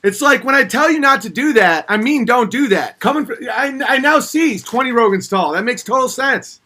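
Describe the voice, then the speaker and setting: A fairly high-pitched man hosts a loose livestream, reading out viewer messages. He answers them sardonically and keeps shifting between jokey put-on voices and low, grumbling asides. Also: lively intonation, brisk, pushed and bright. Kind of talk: casual livestream chat.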